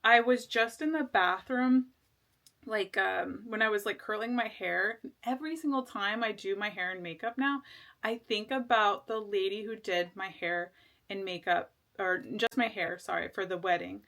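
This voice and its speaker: A woman's voice: medium pitch, moderate pace, gravelly, a bit bright. Rambling woman giving a tarot reading. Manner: rambling, heavy with fillers and restarts; earnest and reassuring. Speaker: tarot reader. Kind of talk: casual spoken tarot reading.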